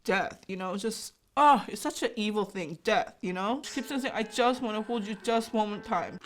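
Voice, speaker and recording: A woman's voice: mid-range voice, normal speed. A woman in her thirties, a native Korean speaker, giving an emotional, gushing reaction commentary full of fillers. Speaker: YouTube host.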